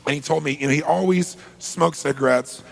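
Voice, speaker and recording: Gravelly, husky guy on stage, fired-up motivational storytelling, acts out the dialogue, long echo off a big hall. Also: fairly high pitch, fairly quick. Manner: energetic, acts out dialogue, asks the audience questions. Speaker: motivational speaker. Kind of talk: live seminar storytelling. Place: large seminar hall.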